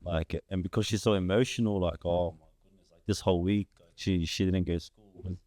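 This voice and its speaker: A man's voice: low-pitched, steady tone, a little fast, mellow, dry recording. A young man talking as a guest in a casual podcast conversation, rambling and filling his speech with "like". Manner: rambling, heavy use of "like" fillers. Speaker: guest, father of three.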